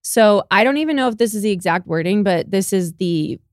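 A woman's voice: mid-range voice, expressive, a little fast, dry recording, studio quality. A woman co-hosting a comedy podcast, chatting casually in a playful, theatrical way. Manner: playful, theatrical, riffs and bits. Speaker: podcast co-host.

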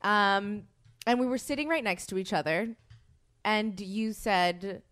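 A young woman hosts a casual chat. She tells stories frankly and chattily, laughing often and trailing off into restarts. Her voice sits at an ordinary middle pitch. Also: measured pace, fairly bright tone, smooth. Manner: chatty, giggly, frank storytelling. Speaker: podcast host.

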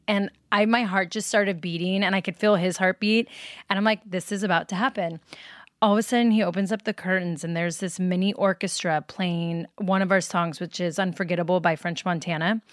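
A woman's voice: lowish voice, dry recording, studio quality. A woman in her thirties, a podcast guest, telling a personal story in casual chat and acting out the quotes. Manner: animated storyteller, acts out quotes, laughs often.

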